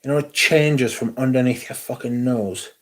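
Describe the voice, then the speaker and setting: A man's voice: mid-range voice, fairly even intonation, normal speed. A man hosting a casual livestream, sweary and grumbling about technical trouble before greeting his viewers. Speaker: livestream host.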